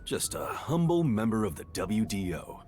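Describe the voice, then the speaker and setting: A laid-back middle-aged detective agency director from a video game, courteous and relaxed. His voice is lowish but moves a lot in pitch. Faint game music sits behind him. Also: moderate pace. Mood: friendly. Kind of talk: dubbed video game dialogue.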